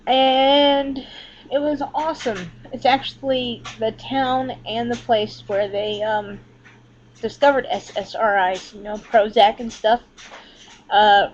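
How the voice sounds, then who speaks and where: Leaning back from her laptop at home, a woman records a casual webcam vlog, rambling openly and cursing a lot. Her voice is fairly high with a darkish tone. It's picked up by the built-in laptop mic, so the audio is dull and lo-fi.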